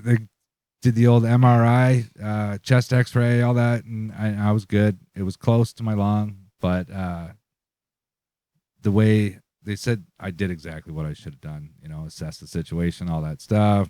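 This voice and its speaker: A man's voice: deep voice, warm tone, no echo, clean studio sound. A man, co-host of a casual podcast, telling a loose, profane story with frequent laughs. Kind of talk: casual chat.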